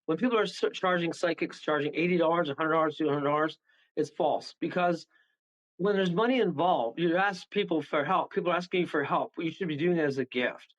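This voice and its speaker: A man's voice: on the high side, brisk, fairly bright tone. A man, a medium guest on a radio show, chatting casually and rambling through stories with frequent chuckles. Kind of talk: casual radio interview chat. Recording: dull lo-fi call audio.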